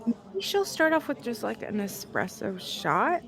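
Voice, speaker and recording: A woman's voice: fairly high pitch, sing-song, a little slow, a bit bright. A woman playing in a tabletop game, chatting casually with many fillers. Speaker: player. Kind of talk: casual tabletop play chat.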